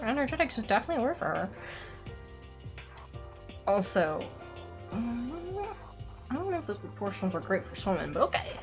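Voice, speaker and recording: A young woman chats through a game stream in a loose, rambling way. Her pitch swings widely as she reacts. Game music plays clearly beneath her voice. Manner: rambling, animated, exasperated laughter. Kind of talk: casual let's play commentary. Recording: game music loud underneath.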